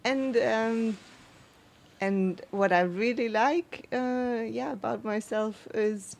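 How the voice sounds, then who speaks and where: A woman's voice: fairly high pitch, slow, vocal fry. A woman guest in a casual chat, hesitant and thoughtful, with many fillers.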